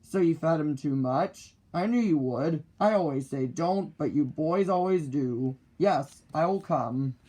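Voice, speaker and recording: A man's voice: fairly high pitch, animated, unhurried, few pauses, dark tone. A man voicing a resigned older shopkeeper who had warned the boy, in a children's storybook reading. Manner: resigned, knowing. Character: weary, knowing older male fish-shop keeper. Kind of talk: storybook read-aloud.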